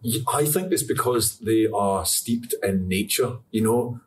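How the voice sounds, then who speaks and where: A man's voice: on the low side, a little slow. A young Scottish man answering interview questions about acting, chatty and rambling, often laughing. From Scotland. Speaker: actor interviewee. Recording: distant mic with faint ambience.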